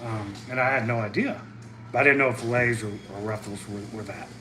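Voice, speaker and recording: A man's voice: medium pitch, fairly even intonation, brisk, music in the background, poor audio. A man from the Midwest, chatting casually on a livestream from a concession stand and answering questions from chat. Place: concession stand at a soccer venue.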